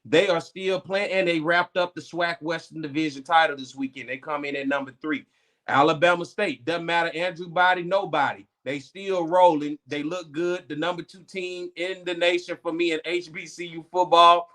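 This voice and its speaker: A man co-hosting a sports talk show, talking in animated, excitable casual banter. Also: on the high side, moderate pace.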